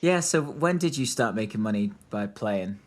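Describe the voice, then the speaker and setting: A man hosting a podcast, asking a guest questions quietly and laughing along. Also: on the low side, expressive, normal speed. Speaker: podcast host. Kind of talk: interviewing.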